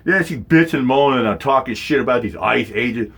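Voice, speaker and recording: A man's voice: expressive, a little fast, a bit bright, husky. A man hosting a stream, ranting in a profane, mocking, casual way. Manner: mocking, mimics others in high voices. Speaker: streamer host.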